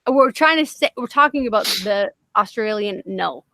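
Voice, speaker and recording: Animated young woman. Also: medium pitch, normal speed. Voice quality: slightly boyish nasal voice. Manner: animated, swearing, self-mocking. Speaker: livestream co-host. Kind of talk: casual livestream chat.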